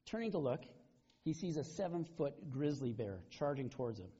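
Middle-aged male pastor, conversational sermon storyteller, higher voice, slight husk. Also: expressive, normal speed, dark tone, husky. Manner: conversational storytelling, frequent restarts. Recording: dull lo-fi recording.

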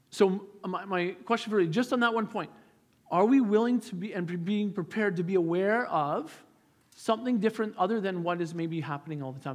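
A man preaches in an earnest, conversational way, pitched a little high. His voice rings out with a long reverb through a church sanctuary, and he often doubles back on his words. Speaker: pastor. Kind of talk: sermon.

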